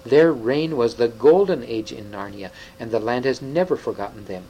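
A man's voice: mid-range voice, moderate pace, dark tone, slight background noise, natural voice, rough recording. A man voicing an old male half-dwarf scholar, wise and sorrowful, speaking in a grave and tender way. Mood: earnest.

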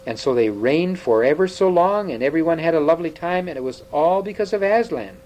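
A man reading aloud, voicing an eager, timid boy prince who babbles quickly in a raised voice. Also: on the high side, lively intonation, a little mellow, a little hiss or hum, pitched above the performer's own voice, natural voice, low-quality recording. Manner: eager babbling, then faltering.

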